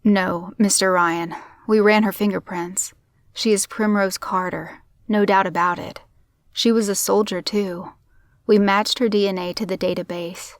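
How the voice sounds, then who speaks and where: Woman reading a deliberate male FBI agent. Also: mid-range voice, steady tone, no room sound, clean studio sound, lightly acted. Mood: assuring. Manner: slow, deliberate, assuring.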